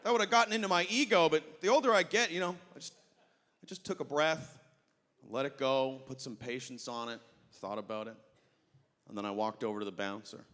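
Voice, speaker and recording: A male stand-up comedian telling an animated story on a festival stage through a handheld mic. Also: mid-range voice, brisk. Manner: animated, acts out voices. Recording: long reverb of a hall.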